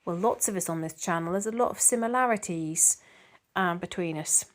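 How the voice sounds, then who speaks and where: A woman's voice: fairly low pitch, moderate pace. A middle-aged woman chatting casually to camera as a vlogger, reading out viewer comments in a rambling way with frequent ums and restarts.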